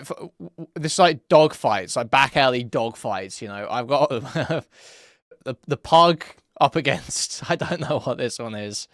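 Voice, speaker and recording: A man's voice: mid-range voice, fairly bright tone, dry recording, clean studio sound. A man hosting a live-stream commentary, sarcastic and rambling with lots of fillers.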